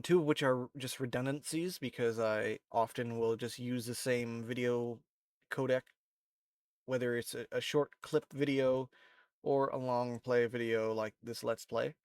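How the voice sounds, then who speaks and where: A man's voice: medium pitch, clean tone, no room sound. A man with a nasal, congested voice from allergies, giving a casual, rambling tutorial into a desk microphone at home and often correcting himself. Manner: rambling, relaxed, self-correcting. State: stuffy with allergies, sniffling and coughing. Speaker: video creator. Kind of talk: casual screen-recorded tutorial.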